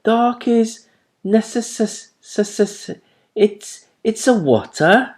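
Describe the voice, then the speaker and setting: A man's voice: mid-range voice, very animated, takes it slowly, voice pushed up. A man voicing a timid, fluffy baby barn owl boy who gets cross easily and stammers when puzzled, in a storybook reading. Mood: curious.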